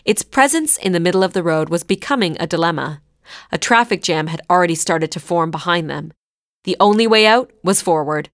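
A woman narrating a scripted story in a clear, measured way. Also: on the low side, lively intonation, no echo, clean studio sound.

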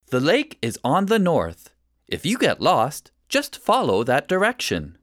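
A storyteller voicing a mother who explains things calmly to her children. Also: medium pitch, unhurried. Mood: instructive. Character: the mother, calm and knowing about camping.

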